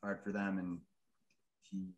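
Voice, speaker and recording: A male band member describing his songwriting in a low, easygoing voice. He halts often and leans on filler words, and a faint hiss sits under the recording. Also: highs cut off. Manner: relaxed, halting, heavy filler words. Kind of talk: casual interview chat.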